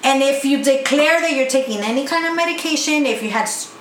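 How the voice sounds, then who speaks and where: A woman's voice: sits high, fairly quick, a little hiss or hum. A woman co-hosting a casual podcast, telling a work story in a blunt, profane rant full of mocking quotes. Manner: blunt, heavy swearing, rants with mocking quotes. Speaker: podcast co-host. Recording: echoey room with faint ambience.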